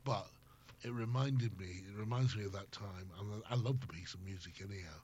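A man's voice: on the low side, fairly quick, darkish tone. An older man, a former radio host, chatting as an interview guest and telling rambling anecdotes. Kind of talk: casual chat. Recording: slightly muffled with faint noise.

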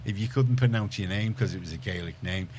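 This is a middle-aged man with a fairly low voice, talking casually on a radio panel. He rambles through his stories with frequent halting restarts, over a faint hiss behind him. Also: a little mellow.

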